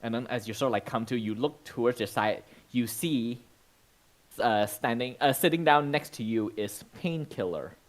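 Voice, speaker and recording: A man's voice: medium pitch, moderate pace, poor audio. A man narrating a tabletop role-playing game as game master, in a casual, descriptive way with lots of "sort of, like".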